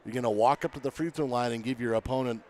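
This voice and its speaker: A man giving color commentary at a high school basketball game, explaining fouls and strategy in a conversational way. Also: quick pace, darkish tone, slight background noise.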